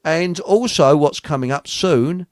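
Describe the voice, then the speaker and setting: Jokey host, higher voice, dry sound. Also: male voice, measured pace, dry recording. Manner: jokey, rambling, swears, laughs often. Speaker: livestream host. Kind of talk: casual banter reading chat comments.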